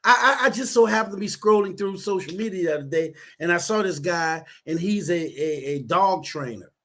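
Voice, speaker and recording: A counselor chats on a casual talk show, his voice sitting high and moving a little fast. He's an animated storyteller who acts out the quotes in his stories.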